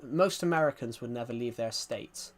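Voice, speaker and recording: A man with a thick rural West Country English accent talks casually to his live-stream audience at normal speed and medium pitch. He rambles, repeats phrases and keeps addressing everyone as guys.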